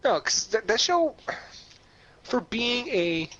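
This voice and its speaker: A man's voice: very high-pitched, slow pace, lo-fi sound. A man co-hosting a podcast, telling funny stories in casual chat and laughing often between lines. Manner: animated storyteller, laughs often, does voices in quotes. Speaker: podcast co-host.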